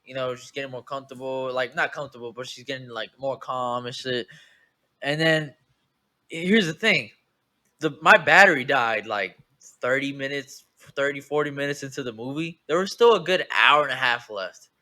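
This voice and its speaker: Bright-voiced young man telling a rambling story. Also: medium pitch, normal speed. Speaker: podcast co-host. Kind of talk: casual chat.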